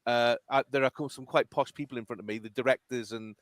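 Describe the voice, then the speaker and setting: A middle-aged man hosting a casual podcast chat, telling stories in an animated, emphatic way. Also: medium pitch, fast, dry recording. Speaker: podcast host.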